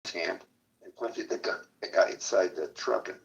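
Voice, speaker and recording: Man, very deep gravelly voice, meandering halting talk, distant mic, faint noise behind. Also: dull audio. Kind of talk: casual chat.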